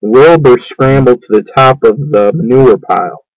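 A man reading a children's book aloud, in an unhurried, measured way. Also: mid-range voice, no room sound, dull audio, soft background music. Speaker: storyteller.

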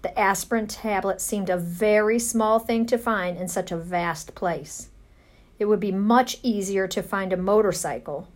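A woman reading a children's storybook aloud, gentle and unhurried. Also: medium pitch. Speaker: narrator.

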